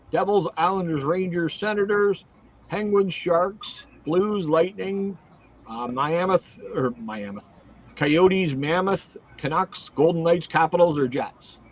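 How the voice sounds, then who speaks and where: A man hosts a card-break livestream, calling out cards and teams in an easy running patter. His voice is on the higher side for a man. It has a husky, slightly rough edge. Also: highs cut off. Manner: reads out cards and teams in a steady run. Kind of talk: casual livestream chat.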